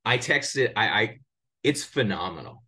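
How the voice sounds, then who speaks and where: Low-voiced man, podcast co-host, casual chat, mock-salesy, stammering restarts. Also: animated, measured pace, bright, forceful tone, slightly rough. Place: his bedroom at home.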